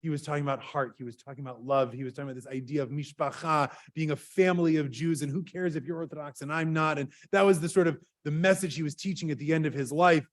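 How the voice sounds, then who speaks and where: A man delivers a sermon as a rabbi, in a voice that sits a bit higher than most men's. He talks earnestly and conversationally, with plenty of fillers, and swings between louder and softer moments. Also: fairly even intonation, quick pace, hardly any pauses. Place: synagogue sanctuary.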